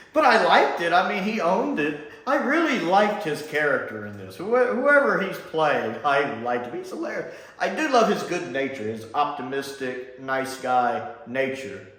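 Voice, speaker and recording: A man from Mississippi chatting casually as he reviews a show, lively and laughing often. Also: a little high, a little slow. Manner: animated and chatty, laughs often, does mocking voices. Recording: echoey room.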